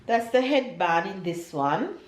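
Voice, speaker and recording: A woman's voice: mid-range voice, expressive, unhurried. A woman vlogging casually as she unboxes gifts, gushing and emotional. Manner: gushing, emotional, near tears. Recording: echoey room with faint noise.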